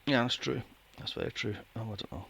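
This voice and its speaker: A man's voice: fast talker, creaky, husky. A man co-hosting a movie podcast, chatting casually and sarcastically about a film. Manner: animated, sarcastic, mocks characters in high silly voices. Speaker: podcast co-host. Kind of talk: casual movie review chat.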